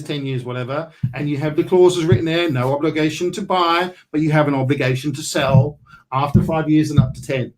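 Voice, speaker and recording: A man's voice: on the high side, poor audio. A man mentoring a group on property deals, brash and salesy, swearing casually as he talks.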